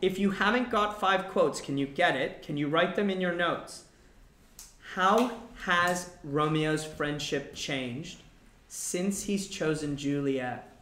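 A man's voice: a little high, slow pace, roomy sound. A man teaching a class about a play, explaining lines and acting out quotes with energy. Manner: animated, acts out quoted lines.

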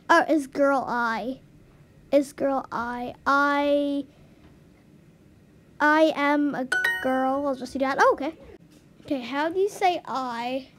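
A woman vlogging as she works through a language lesson, puzzled and giggly, sounding out new words to herself. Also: high-pitched. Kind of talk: casual commentary while doing a language lesson.

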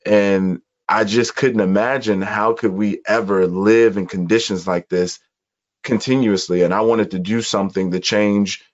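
A man from Chicago, a podcast guest, telling his life story in an earnest, measured way during an interview. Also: on the low side. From Chicago, USA. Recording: dull lo-fi audio.

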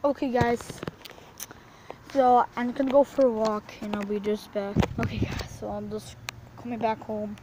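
Woman vlogger, fairly high voice, jumpy, whispers then exclaims, noisy handheld sound. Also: flat delivery, moderate pace. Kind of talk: playful make-believe vlog. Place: in and around a car.

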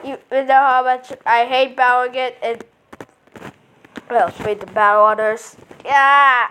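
Woman, gameplay commentary, excitable, dramatic protests, unhurried pace. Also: a little high, slight background noise. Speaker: game player.

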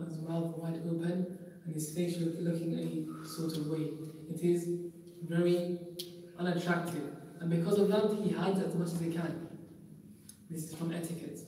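Male teacher, flat and dark voice, quizzes his class and repeats himself. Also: high voice. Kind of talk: classroom lesson with questions to students. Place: large echoing mosque hall. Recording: roomy hall echo, distant mic.

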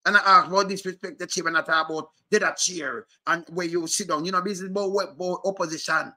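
A middle-aged man with a strong Jamaican accent delivers a heated rant, slipping between Patois and English. His voice sits high and rings sharp and tense. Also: fast. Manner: animated, repetitive, mixes Patois and English. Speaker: commentator.

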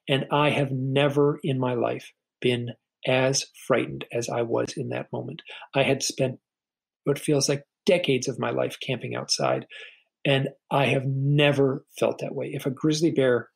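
A middle-aged podcast guest tells a personal story earnestly and haltingly, often repeating a word as he begins a sentence. His medium-pitched voice is steady and slightly rough with vocal fry, and the recording quality is low.

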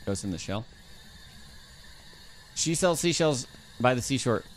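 A man's voice: medium pitch, animated, a little slow, slight background noise. A man streaming a ghost-hunting game, chatting casually and calling out to the ghost and his teammate. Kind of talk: casual gameplay chat.

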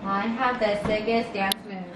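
A woman's voice: mid-range voice, fairly even intonation, moderate pace. A woman chatting casually with her family at home, giggly and bouncy. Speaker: vlogger's sister. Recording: echoey, distant, noisy room.

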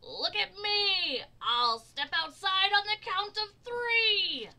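A woman's voice: mid-range voice, expressive, slow, bright, forceful tone, poor audio. A woman voicing a grumpy, stubborn male groundhog who drags out his refusals in a storybook reading. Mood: cheerful.

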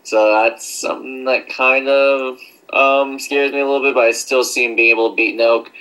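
A man co-hosting a casual podcast, giving firm opinions in a steady way. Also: mid-range voice, moderate pace, clear, resonant tone, low-quality recording. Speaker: podcast co-host. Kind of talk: casual chat.

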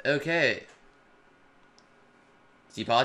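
A man's voice: medium pitch, animated, fairly quick, bright, forceful tone. A man co-hosting a gaming channel, chatting and joking casually while playing.

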